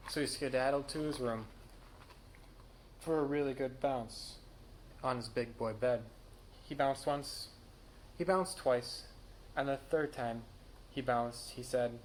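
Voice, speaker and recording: A young man reading a children's picture book aloud, with lively character voices and small stumbles. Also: medium pitch, normal speed, a little hiss or hum. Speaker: camp storyteller.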